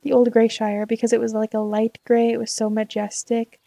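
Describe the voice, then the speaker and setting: A young woman who makes gaming YouTube videos chats casually through a let's-play, rambling and talking to herself as she goes back and forth on choices. Her voice is a little high, warm and creaky, with a level tone, a slightly fast pace and no room sound.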